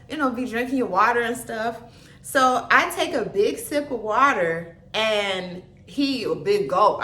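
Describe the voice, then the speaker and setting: A woman's voice: mid-range voice, a little hiss or hum. A woman telling a funny story in a casual vlog, acting out quotes and laughing as she goes. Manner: animated, laughing, acts out quotes. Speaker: vlogger. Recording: echoey room.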